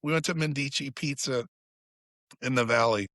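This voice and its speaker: A man's voice: mid-range voice, moderate pace, a bit bright, no room sound. A man, a podcast guest, telling a story in casual chat, swearing freely and acting out quotes in a raised voice.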